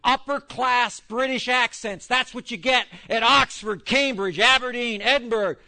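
A man's voice: very high-pitched, measured pace, pushed and bright. A man preaching a sermon, wandering into joking asides as he goes. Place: church in Texas.

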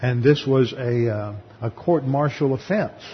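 A man's voice: mid-range voice, measured pace, slight background noise. A man teaching through a Bible passage in a sermon, explaining it emphatically and sometimes acting out the people he quotes. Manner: explanatory, emphatic, acts out voices when quoting. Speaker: pastor. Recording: lo-fi recording in a reverberant hall.

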